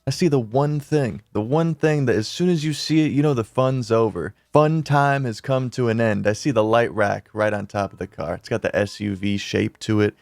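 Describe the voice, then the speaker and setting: A young man telling a story casually to camera, animated and swearing, acting out what people said. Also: mid-range voice, moderate pace, creaky, few pauses, dry recording, studio quality. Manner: animated, swears a lot, acts out quotes. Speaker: YouTuber. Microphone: studio mic on an arm.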